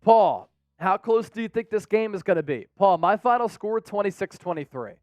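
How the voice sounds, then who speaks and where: A man's voice: high voice, animated, moderate pace, darkish tone, dry recording, clean studio sound. A man hosting a live sports stream, reading out viewer names in a hyped, playful way and trash-talking rival fans. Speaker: sports show host.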